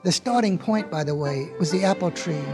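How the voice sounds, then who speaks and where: A man's voice: sits high, moderate pace, over music. A man narrating a storybook record in a folksy way, with chatty asides to the listener.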